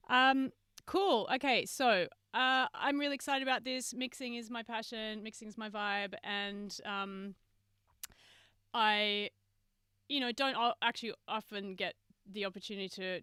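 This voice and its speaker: A woman's voice: mid-range voice, fairly bright tone, clean tone, no room sound. A woman hosting a livestream masterclass from a studio with a mixing desk, talking casually to viewers and greeting them by name, with many fillers. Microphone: webcam and computer mic on a video stream.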